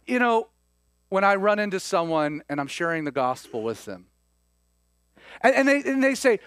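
A man preaching a sermon, swinging between loud emphasis and soft, hushed lines. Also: sits high, big pitch swings, moderate pace, pauses often, smooth, no echo, clean studio sound.

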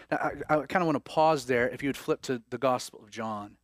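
Guy preaching, high voice, goes loud then drops way down quiet, dry close sound. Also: moderate pace, no echo. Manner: dramatic, swings between loud and hushed. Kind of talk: sermon.

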